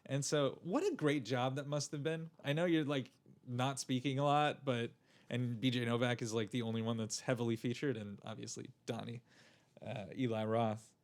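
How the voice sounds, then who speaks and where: A man in casual podcast talk, chatting loosely about a film with a co-host. He swears freely and laughs often, his voice at an ordinary middle pitch. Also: fairly even intonation, normal speed. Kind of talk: casual movie podcast chat.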